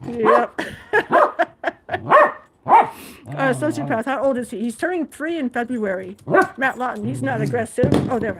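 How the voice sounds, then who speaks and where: A woman live streaming from her living room, chatting casually, reading viewer comments and talking to her dog. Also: high voice. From Alaska. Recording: noisy home recording.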